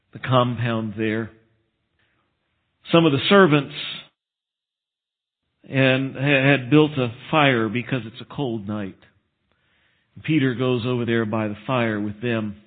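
A man preaching a sermon, retelling a story with lively asides and chuckles. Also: medium pitch. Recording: tinny phone-like sound.

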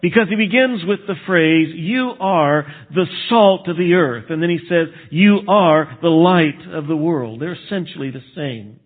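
A man from Texas, a pastor, preaching a sermon in a conversational way and slowing down to stress key phrases. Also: sits high. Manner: conversational preaching, slows for emphasis. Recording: phone-like narrow band.

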